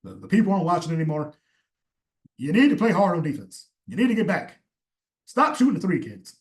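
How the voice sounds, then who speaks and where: A man's voice: on the high side, very animated, brisk, pitched above the performer's own voice. A man putting on an older male statesman who sternly scolds a young team owner. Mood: scolding.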